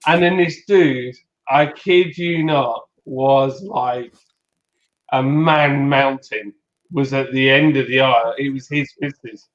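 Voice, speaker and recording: A man hosting a podcast, telling stories casually and acting out the people he quotes. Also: slow pace. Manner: animated, acts out quotes in a higher voice. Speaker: podcast host. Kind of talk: casual chat, storytelling. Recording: dull lo-fi audio.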